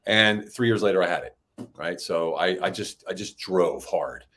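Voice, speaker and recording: A middle-aged man telling stories as a podcast guest, animated and climbing high in pitch when he acts out what people said. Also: moderate pace, slight background noise. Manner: animated, rises high when acting out quotes. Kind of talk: casual storytelling.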